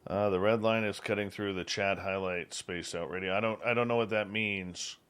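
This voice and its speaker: A man's voice: on the low side, fairly even intonation, normal speed, a bit bright, smooth. A man hosting a radio show, chatting casually and reading a live ad in a joking, rambling way. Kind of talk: casual chat and live ad read.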